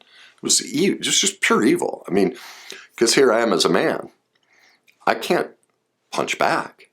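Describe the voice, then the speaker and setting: A man's voice: mid-range voice, sing-song, measured pace, long pauses, fairly bright tone. A man explaining relationship warning signs in a casual, personal way, full of asides and restarts. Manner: conversational, personal asides, frequent fillers and restarts. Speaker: relationship and trauma speaker. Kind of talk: casual explanatory talk to camera.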